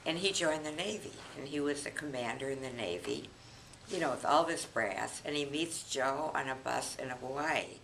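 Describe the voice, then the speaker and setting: Gravelly, very low-voiced elderly woman. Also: a bit bright, slight background noise, poor audio. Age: 80s. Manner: reminiscing, unhurried, chuckles often. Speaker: interviewee, grandmother. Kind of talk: storytelling in a family interview.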